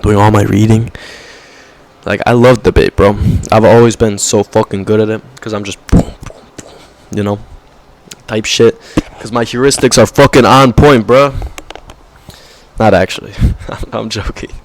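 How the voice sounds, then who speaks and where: A man's voice: steady tone, moderate pace. A young man talking to camera in a rambling, profane rant, often saying "bro" and mocking others in put-on voices. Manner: mocking put-on quotes in higher voice. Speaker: vlogger.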